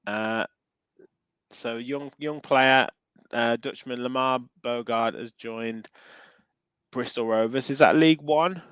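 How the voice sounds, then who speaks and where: A man's voice: mid-range voice, slow, long pauses, fairly bright tone, clear, resonant tone, dry recording, poor audio. A man with a Midlands accent hosting a casual football podcast, chatting and reading out viewer comments with plenty of ums. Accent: English Midlands. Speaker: podcast host.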